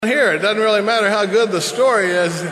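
A man's voice: high-pitched, brisk, a bit bright, echoey room, big-room sound, slight background noise, poor audio. A man in his fifties giving a folksy, rambling recovery talk with jokes to a large convention crowd. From Dallas, Texas. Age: 50s. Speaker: recovery meeting speaker.

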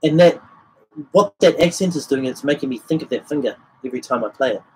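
A man's voice: mid-range voice, animated, quick pace, a little mellow, a little hiss or hum, rough recording. A man giving a casual livestream guitar lesson, explaining the technique and singing rhythms as syllables. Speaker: guitar teacher. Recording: guitar playing behind the voice.

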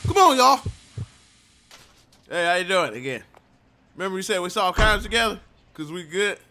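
High-voiced man trash-talking a game. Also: sing-song, moderate pace. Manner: loud, joking, trash-talks the game characters. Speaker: gaming YouTuber. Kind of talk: profane gameplay commentary. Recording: game audio playing underneath. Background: game music and sound.

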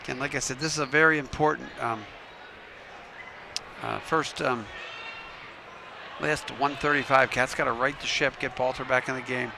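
A man doing play-by-play commentary for a high school basketball game. He calls quick plays and adds coaching asides. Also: steady tone, vocal fry. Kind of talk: local sports commentary. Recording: noisy gym ambience. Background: game crowd and ball bounces.

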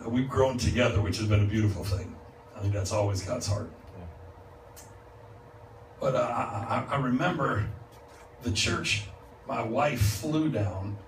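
A man preaching a revival sermon as a guest speaker, moving from calm teaching to loud, laughing exclamations. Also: fairly low pitch. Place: church sanctuary. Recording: echoey church, distant mic, noisy. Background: congregation responding.

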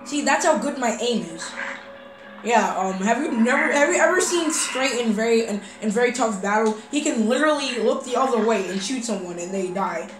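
A woman voicing every character in a game role-play story, hesitant and full of fillers, breaking into excited shouts. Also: fairly high pitch, moderate pace. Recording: roomy recording over game music.

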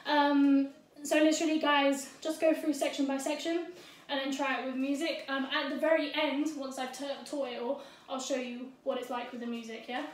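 A woman's voice: high-pitched, flat delivery, moderate pace, recorded from a distance, slight background noise. Breathless woman teaching dance in an echoey room. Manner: scats the rhythm with syllables, frequent "yeah?" checks. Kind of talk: dance tutorial with counting and rhythm vocalizing.

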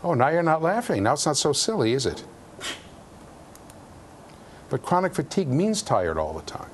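A man giving a university lecture in an animated, jokey way, with sudden loud outbursts. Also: on the high side, moderate pace, slight background noise. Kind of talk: classroom lecture. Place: lecture hall.

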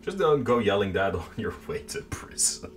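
A man's voice: on the low side, big pitch swings, moderate pace, soft background music. A man chatting casually with his viewers during a painting stream, making dry sarcastic jokes. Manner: joking, dry sarcastic asides.

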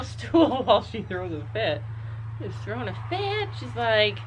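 A woman's voice: fairly high pitch, big pitch swings, normal speed. Young woman vlogger, chatty and anxious, soothing a nervous horse; light background noise. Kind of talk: casual vlog narration. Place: horse trailer outdoors.

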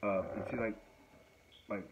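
A man's voice: lowish voice, fairly even intonation, unhurried. A man, a musician, chatting casually and rambling with many fillers and laughs, recorded at home. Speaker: musician and podcast host. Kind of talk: casual chat. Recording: dull lo-fi sound with faint noise.

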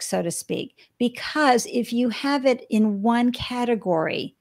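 Woman podcast host, chatty, talks to the audience, gravelly fry in her voice. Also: fairly high pitch, a little mellow. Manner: chatty, addresses listeners directly. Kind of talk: casual interview. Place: Boston.

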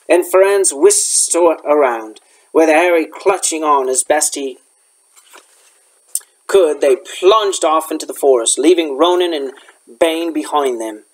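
A teacher reads a chapter of a novel aloud, his voice sitting somewhat high for a man. He reads with expression and pauses to fix a slip now and then, then carries on. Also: poor audio. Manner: expressive reading with self-corrections. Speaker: elementary school teacher.

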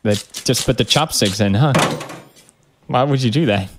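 A man's voice: medium pitch, moderate pace, very noisy. A man streaming his reaction to a film, joking and swearing through a casual running commentary, with film music playing behind him. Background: film music and sounds.

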